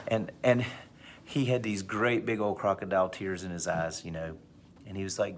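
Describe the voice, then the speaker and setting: A male teacher telling a personal anecdote to his class, with big animated swings in pitch and pace. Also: normal speed, a little hiss or hum. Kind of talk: storytelling in class.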